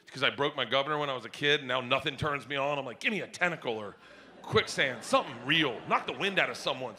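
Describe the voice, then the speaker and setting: Stand-up comic, male, loud storyteller with a bright, forceful voice on a handheld mic. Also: fairly high pitch. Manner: loud, animated storytelling that jumps into shouted voices. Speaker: stand-up comedian. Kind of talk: stand-up comedy set. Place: comedy club stage before an audience.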